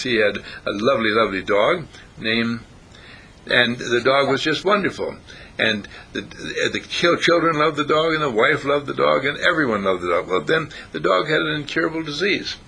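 With a medium-pitched voice that's creaky, husky, bright, and forceful, this spiritual teacher speaks at a measured pace yet stays very animated. He's giving a casual talk to a small group, asking them questions and laughing frequently.

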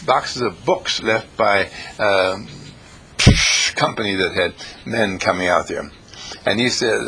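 A man giving a rambling, anecdotal spiritual talk who swings his pitch up and down for emphasis. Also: creaky, sharp tone, slight background noise. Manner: storytelling, swings pitch for emphasis, laughs at himself.

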